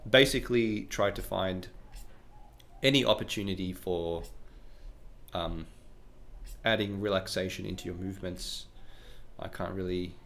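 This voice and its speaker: A man giving a casual guitar lesson, explaining technique in a relaxed way and often checking in with "right?". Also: fairly low pitch. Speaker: guitar teacher. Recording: faint guitar music behind voice. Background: his own guitar playing between phrases.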